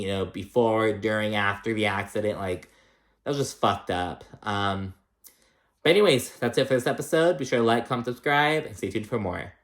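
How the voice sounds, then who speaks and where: Chatty, gossipy young man. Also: lowish voice. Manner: chatty, gossipy, swears a lot. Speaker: recap host. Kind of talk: casual reality TV recap.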